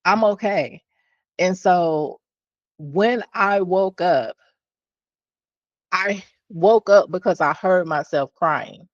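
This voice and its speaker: A woman's voice: on the low side, takes it slowly, long pauses, dry recording, lo-fi sound. A woman hosting a podcast, telling a personal story in a candid, conversational way with restarts and asides to her listeners. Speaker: podcast host.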